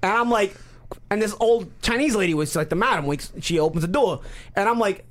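A man, telling a profane, animated story as podcast co-host and acting out quotes. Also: high-pitched, quick pace. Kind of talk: casual storytelling.

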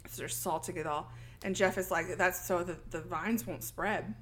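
A woman's voice: lowish voice, steady tone, normal speed. A woman co-hosting a podcast, casually recapping a film and acting out the characters' lines. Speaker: podcast co-host.

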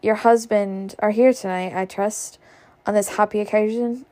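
A woman voicing a courtly, mocking gentleman in a storybook reading, speaking with formal politeness. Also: medium pitch, fairly even intonation, normal speed, lightly acted. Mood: mock-courteous. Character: smooth mocking gentleman blockade runner.

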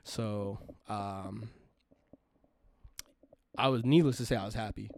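A man's voice: fairly low pitch, slow pace, gravelly, slight background noise. A young man co-hosting a podcast, telling a long story in a casual, profane, rambling way with lots of fillers and restarts. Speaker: podcast co-host.

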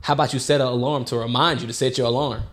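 A man co-hosting a podcast in casual chat, telling stories in lively fashion and acting out other people's voices. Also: mid-range voice, racing. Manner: animated storytelling, acts out quoted voices, laughs often. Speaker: podcast co-host.

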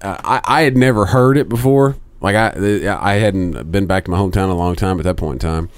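A man in a casual podcast chat, telling profane and animated stories to his friends. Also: sits low, a little fast, no echo.

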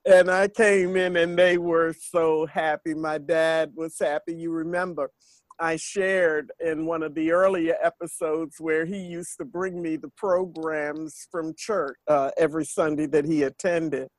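Older lady doing a faith podcast, slow and earnest, kinda preachy repetition, dry close sound. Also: low-pitched, fairly even intonation, no room sound. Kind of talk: spiritual talk monologue.

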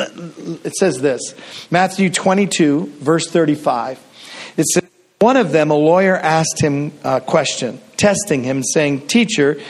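Man, middle-aged, from Canada, pastor, sermon, conversational, slightly higher-pitched voice. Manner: conversational storytelling, frequent restarts and fillers.

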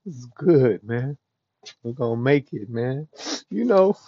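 A man giving a raw, rambling, profane confessional monologue as a podcast host, often dropping to a low murmur. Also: animated, a little slow. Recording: dull dry lo-fi recording.

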